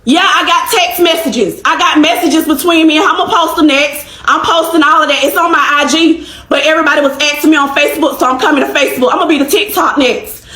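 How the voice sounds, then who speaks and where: A woman's voice: high-pitched, fast talker, hardly any pauses, sharp tone, roomy sound. A woman vlogger telling a story in a casual, emphatic way and acting out the dialogue. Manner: emphatic, acts out quoted dialogue.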